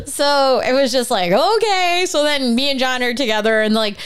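A woman's voice: high voice, animated, normal speed, over a noisy crowd. A woman co-hosting a podcast, chatting casually and acting out her own reactions as she tells a story. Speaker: podcast co-host. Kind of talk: casual chat.

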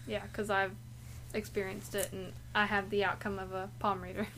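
A woman's voice: medium pitch, level tone, moderate pace, a bit bright, a little hiss or hum. A woman co-hosting a casual podcast chat, brash and joking, swearing freely.

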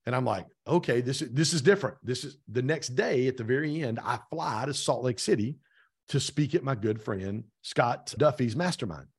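A man's voice: medium pitch, normal speed, husky. A man being interviewed on a podcast, energetically recounting events and acting out quoted dialogue as he goes. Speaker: podcast guest, real estate team owner. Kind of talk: animated storytelling in conversation.

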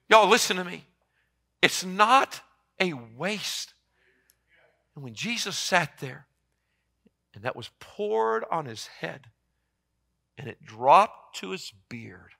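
A man preaching a sermon as pastor, swinging from loud emphatic peaks down to low, quiet lines. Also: gravelly. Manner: impassioned, rising to loud emphatic peaks then dropping low.

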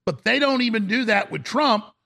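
Male talk radio host, indignant ranter, high, gravelly and husky. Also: animated, moderate pace, sharp tone. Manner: indignant, ranting, mocking.

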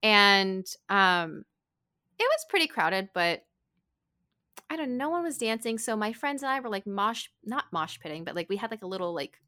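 A young woman telling a story in casual chat, animated and giggly, full of "like". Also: mid-range voice, moderate pace. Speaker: podcast co-host.

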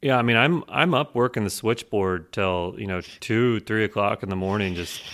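A man's voice: lowish voice, moderate pace, a bit bright. A man hosting a podcast, introducing segments in a casual, dry, teasing way. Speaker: podcast host. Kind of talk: casual chat.

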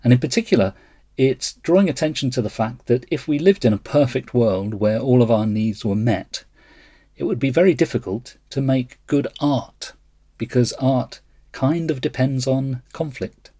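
Husky-voiced man hosting a podcast. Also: medium pitch, moderate pace, dark tone, dry recording, studio quality. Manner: thoughtful, explanatory. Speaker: podcast host. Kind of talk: podcast commentary and reading aloud.

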